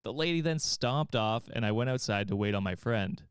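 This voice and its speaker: Smooth-voiced man reading stories aloud. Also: on the low side, expressive, moderate pace, no echo, studio quality. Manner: laughs often while reading. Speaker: podcast host reading stories. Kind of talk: reading aloud and casual chat.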